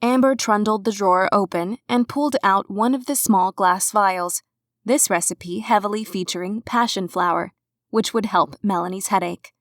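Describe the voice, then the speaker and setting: Audiobook narrator: woman, mid-pitched, measured, dry studio sound. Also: no room sound. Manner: even, measured storytelling. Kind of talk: scripted narration.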